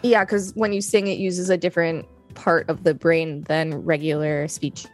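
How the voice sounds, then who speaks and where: Low-voiced woman reading steadily. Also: level tone, moderate pace, soft background music. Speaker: podcast co-host. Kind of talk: casual podcast reading and chat.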